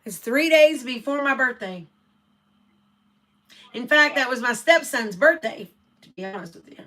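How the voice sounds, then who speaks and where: A middle-aged woman talks in a bright, fairly high voice. She chats casually, laughs often and drops to a soft tone when she reflects. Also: expressive, a little slow. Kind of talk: casual chat.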